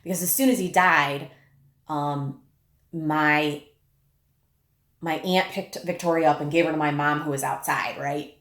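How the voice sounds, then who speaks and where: A woman with a fairly low voice shares a personal story straight to camera, candid and emotional, with swearing slipping in freely. Her voice rings in an echoey room. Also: fairly even intonation, measured pace, long pauses, fairly bright tone. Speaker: widow telling her story.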